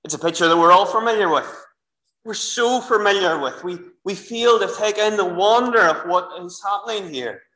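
Lively Northern Irish minister in an echoey church. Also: male voice, high-pitched, normal speed. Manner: lively storytelling, addressing children and congregation directly. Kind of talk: sermon. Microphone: clip-on microphone.

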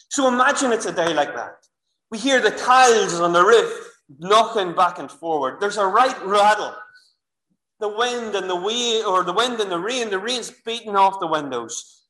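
A man's voice: high voice, fairly bright tone. A man with a Northern Irish accent preaching a sermon in church, telling the story vividly and speaking directly to the children and the congregation. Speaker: minister. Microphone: clip-on microphone. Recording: echoey church room.

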